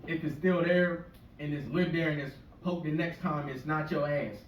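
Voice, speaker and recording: At a normal speed and with fairly even intonation, a man's slightly high voice carries a profane, wandering stand-up rant. He's a comedian in his 40s from the US East Coast shore; a distant mic picks him up in an echoey room alongside faint noise.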